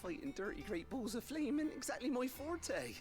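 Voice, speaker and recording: A folksy West Country tinkerer. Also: male voice, sing-song, moderate pace, a little mellow. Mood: eager. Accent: West Country English. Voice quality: high, nasal-sounding. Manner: folksy and wheedling. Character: chatty West Country male tinkerer asking favours. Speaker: game character. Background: game music.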